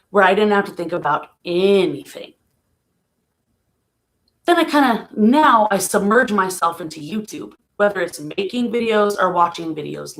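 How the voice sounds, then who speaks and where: A woman talks casually into a home live stream at an ordinary middle pitch. She is soft-spoken and emotional, and she slips into small laughs through her sadness. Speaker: vlogger. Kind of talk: casual vlog, talking about grief.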